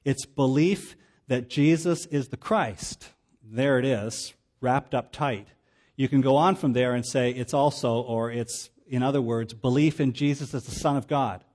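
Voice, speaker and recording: A man's voice: mid-range voice, measured pace, darkish tone. A male pastor preaching a sermon in a plain, conversational teaching manner with casual asides.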